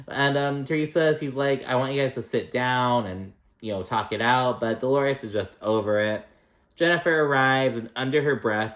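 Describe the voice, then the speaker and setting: Man, casual recap host, chatty, cusses a lot, mimics quotes, middle pitch, echoey room. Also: normal speed, a bit bright. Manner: chatty and profane, acts out quotes in mock voices.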